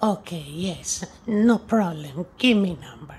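A woman voicing a literal-minded cartoon housekeeper who speaks in slow, halting broken English. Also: on the low side, lively intonation, a little mellow, breathy edge, heavily acted. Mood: deadpan. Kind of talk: cartoon sitcom voice acting.

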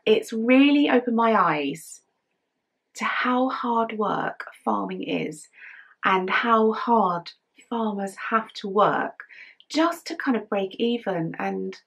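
A woman's voice: mid-range voice, husky. A middle-aged English woman hosting a knitting podcast, chatting in a rambling, casual way, her voice tired today. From England. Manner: chatty, rambling, with fillers and giggles. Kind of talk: casual chat.

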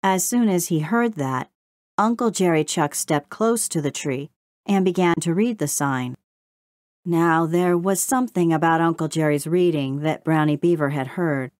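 Low-voiced woman reading a storybook. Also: moderate pace, darkish tone, no echo, studio quality. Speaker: audiobook narrator. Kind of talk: scripted storybook narration.

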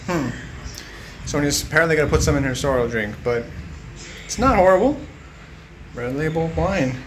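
A man's voice: fairly high pitch, lively intonation, moderate pace, background noise. A man hosting a casual vlog, talking in a wry, playful, teasing way. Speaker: vlog host. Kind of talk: casual joking vlog narration.

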